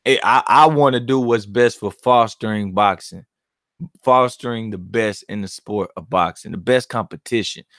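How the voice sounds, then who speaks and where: A man's voice: lowish voice, moderate pace, no echo, clean studio sound. A man hosting his own channel, giving casual, profane, laughing commentary on boxing. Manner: animated, profane, laughing banter.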